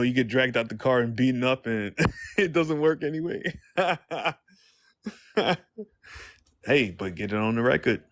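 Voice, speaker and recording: A man's voice: medium pitch, fairly bright tone. Rambling, slangy man on a livestream. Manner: rambling, slangy, acts out quoted exchanges. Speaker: livestream host. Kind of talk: casual livestream monologue.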